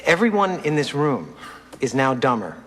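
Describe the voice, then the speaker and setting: An actor playing a stern male moderator who scolds a student with measured, withering contempt. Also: medium pitch, huge pitch swings. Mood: scornful. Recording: long hall reverb from a film clip.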